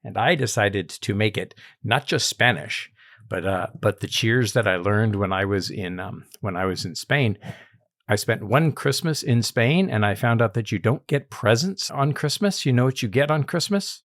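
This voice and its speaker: Low-voiced man hosting a casual podcast. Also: moderate pace, no echo, clean studio sound. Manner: relaxed, chuckling, reads tasting notes. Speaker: podcast host. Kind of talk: casual chat.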